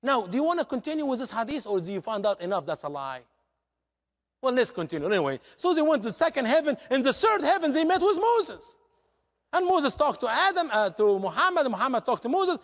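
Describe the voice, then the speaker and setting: Animated, high-voiced male preacher. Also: brisk. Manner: dramatic, expressive, non-native grammar. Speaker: guest speaker. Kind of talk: animated sermon storytelling. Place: church. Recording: long church reverb.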